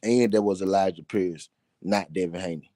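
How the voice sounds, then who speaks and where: Deep, dark-voiced man talking boxing. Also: no echo. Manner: emphatic, repeats points slowly for effect. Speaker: boxing talk show host. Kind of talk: casual boxing commentary.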